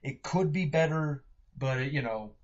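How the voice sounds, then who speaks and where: A man's voice: on the high side, normal speed. A man casually reviewing a movie for a podcast, rambling with many fillers and restarts. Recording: dull lo-fi home recording.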